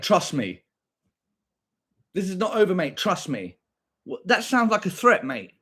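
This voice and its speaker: A man's voice: high voice, big pitch swings, measured pace, long pauses, a bit bright, slightly rough. A young British man with a combative, profane manner, ranting back at viewers on a stream and repeating his points.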